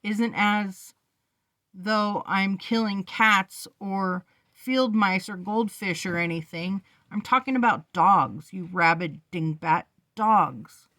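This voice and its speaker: A woman reading a novel aloud and voicing a volatile, unhinged teenage boy who rants and shouts scornfully. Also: medium pitch, slow, no room sound. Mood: yelling.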